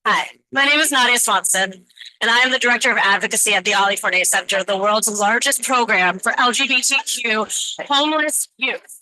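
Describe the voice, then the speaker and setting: A woman advocate reads a prepared statement at a public meeting in a very bright, fairly high voice. She speaks firmly and assertively, and the sound is dry. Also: fairly quick, no room sound, low-quality recording. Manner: firm, assertive. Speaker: advocacy director giving public comment.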